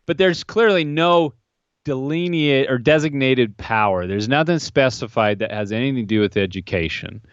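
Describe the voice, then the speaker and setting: A man's voice: medium pitch, moderate pace, no room sound, lo-fi sound. A man hosting a political podcast, opinionated and wry, asking pointed questions. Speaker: podcast host.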